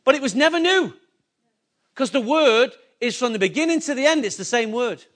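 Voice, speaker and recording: A man's voice: very high-pitched, expressive, normal speed, fairly bright tone. A man preaching a sermon as pastor, asking the congregation rhetorical questions and rising to emphatic points.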